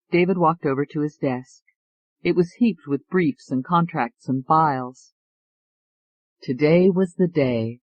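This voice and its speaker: A man reading an audiobook as narrator, measured and even. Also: a little high, dry recording, dull audio. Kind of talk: scripted narration.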